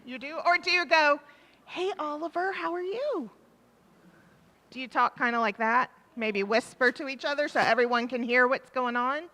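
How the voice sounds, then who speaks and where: A woman leading a children's time in a church service, asking the children questions and warmly repeating their answers, speaking into a microphone in the sanctuary. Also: high-pitched, brisk, few pauses. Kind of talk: interactive children's talk with questions. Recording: reverberant church hall.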